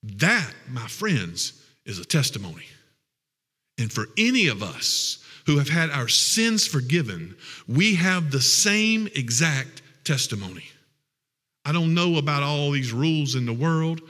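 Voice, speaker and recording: A man's voice: on the high side, sing-song, measured pace, pushed and bright, big-room sound. A man preaching a sermon in a folksy, emotional, conversational way.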